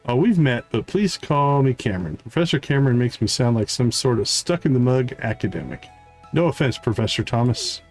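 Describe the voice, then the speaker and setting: A man streaming a farming game, reading its character dialogue aloud with varied voices and adding quick asides. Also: medium pitch, expressive, a little mellow, faint music behind.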